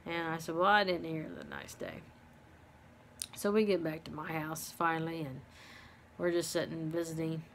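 Middle-aged woman, halting storyteller, lowish voice. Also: expressive, vocal fry, slight background noise. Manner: halting, many ums and restarts. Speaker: vlogger living with dementia. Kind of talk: personal storytelling.

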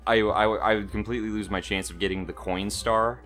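Young male let's-play co-host, low but bright voice, rambly storyteller. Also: fairly even intonation, brisk, faint music behind. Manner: rambling, storytelling, easily sidetracked. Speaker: gaming channel co-host. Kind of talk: casual let's-play banter.

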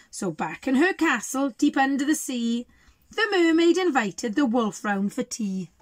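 A woman teacher reading a picture book aloud to children, pausing to ask them questions. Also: a little high, dry recording.

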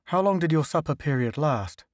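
A man voicing a troubled male spaceship astrogator in a low, subdued tone. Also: animated, normal speed, dry recording, studio quality, lightly acted. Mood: questioning.

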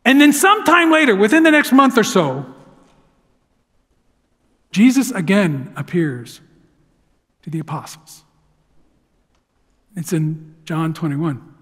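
A man preaching a sermon in a church sanctuary, telling the story with lively, dramatic flair. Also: high voice, takes it slowly, pauses often. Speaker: pastor. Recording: long church hall reverb.

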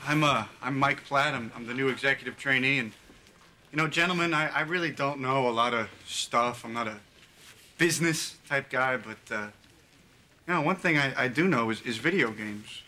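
An actor playing a nervous, earnest young executive trainee who stammers. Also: male voice, medium pitch, normal speed, bright, forceful tone.

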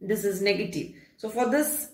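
Patient woman teacher in an echoey room. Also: medium pitch. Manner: patient, repeats key phrases, slows down for examples. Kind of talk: classroom grammar lesson.

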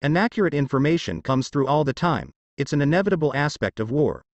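A man voicing a calm, unbothered male commander in a fan story reading, speaking at an even conversational level. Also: fairly high pitch, fast, dry recording.

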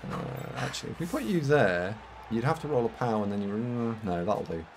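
A man's voice: medium pitch, expressive, brisk, noisy background. A man with a Yorkshire accent casually commentating his own game live, thinking aloud and chatting with viewers. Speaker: game streamer.

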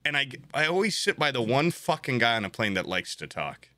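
A young man with a mid-range voice, speaking a little fast, co-hosts a podcast where he tells crude stories in casual conversation and mimics the people in them with animated impressions. The studio-quality audio has no echo.

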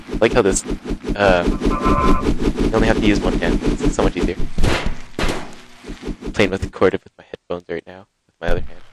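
A man giving live, excitable commentary while playing a game, exclaiming and gasping often, recorded on a headset. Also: lowish voice, a little hiss or hum. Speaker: gaming video host.

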